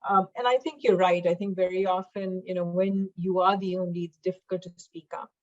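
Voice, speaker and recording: A middle-aged woman guest on a podcast, speaking in a measured way with many fillers. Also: fairly low pitch, steady tone, highs cut off. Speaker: podcast guest, diversity expert. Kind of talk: conversational interview.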